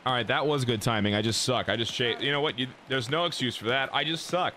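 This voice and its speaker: A man giving live gameplay commentary, excitable and full of profane trash talk. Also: mid-range voice, quick pace, over music. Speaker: gaming YouTuber.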